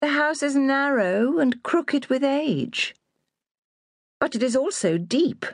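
A woman voicing a proud, quick-tempered young apothecary's daughter in an audiobook, polite but defensive. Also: high voice, animated, dry recording, studio quality, pitched above the performer's own voice, exaggerated voice.

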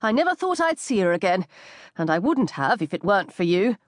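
A woman's voice: medium pitch, very animated, a little fast, no room sound, studio quality, natural voice. A woman voicing a courteous, grateful British soldier in an audiobook. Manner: courteous, earnest. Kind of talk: audiobook character voice.

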